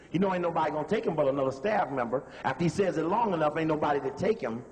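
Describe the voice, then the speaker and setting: Brief: man with a high voice, emphatic lecture commentary on footage, reverberant hall. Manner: conversational, emphatic, repeats instructions to pause the tape. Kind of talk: lecture commentary over video clips.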